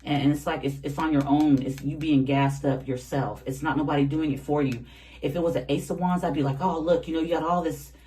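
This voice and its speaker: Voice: mid-range voice, a little fast, rough recording. Chatty, slangy tarot reader. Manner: animated, slangy, chatty with frequent laughs. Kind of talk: casual tarot reading to camera.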